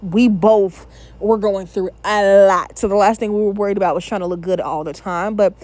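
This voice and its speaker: A woman's voice: mid-range voice, fairly even intonation, normal speed, a little mellow. Chatty woman in her thirties hosting. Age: 30s. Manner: chatty, candid, opinionated asides. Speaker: reaction channel host. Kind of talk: casual reaction commentary.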